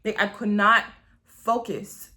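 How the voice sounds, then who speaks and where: Speaking slowly with a flat delivery, this 20-something woman has a mid-range voice that sounds pushed and bright. She vlogs her own story in a candid, rambling fashion, with free swearing and lots of "like," as casual confessional storytelling.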